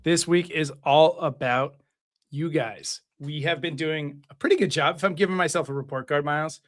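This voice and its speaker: A man's voice: on the high side, moderate pace. A man co-hosting a live-streamed political talk show over a video call, speaking in an earnest, encouraging way. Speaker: co-founder and co-host.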